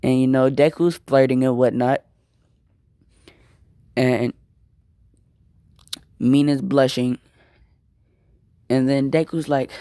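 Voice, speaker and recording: Young man, slangy rambling storyteller, slow, mellow, dry close sound. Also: medium pitch, fairly even intonation, clear, resonant tone, dry recording. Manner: slangy, rambling, repeats words. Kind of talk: casual improvised fan-fiction storytelling.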